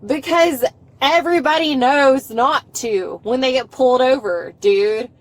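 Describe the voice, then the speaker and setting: A woman's voice: high-pitched, a little slow, low-quality recording. A woman, arguing with police in a combative, profane, mocking way during an arrest. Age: 30s. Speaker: arrested driver, nurse. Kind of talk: heated roadside argument. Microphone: police body camera.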